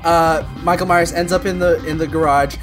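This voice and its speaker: A woman's voice: fairly low pitch, steady tone, normal speed, over music. Chatty woman recapping a movie, laughing. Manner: rambling retelling, acts out quotes, laughs often. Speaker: podcast co-host. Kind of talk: casual movie recap chat.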